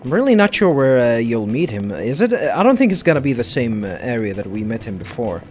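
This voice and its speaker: A man's voice: mid-range voice, big pitch swings, fairly quick, a little mellow, soft background music. A man casually commenting on a game he plays, hesitant, with many fillers and restarts. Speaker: let's play host.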